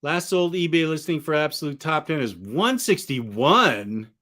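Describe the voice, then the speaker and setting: A man talks slowly from his apartment on a livestream, his voice sitting a little high. He rambles, restarts his sentences and picks up viewers' questions from the chat. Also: expressive, bright, forceful tone. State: has the hiccups. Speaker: comic book collector streamer. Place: apartment room among bookshelves.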